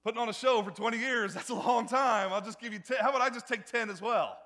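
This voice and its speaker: Man doing cheeky monkey, incredulous, a bit higher, louder, sermon joke. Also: fast talker, exaggerated voice.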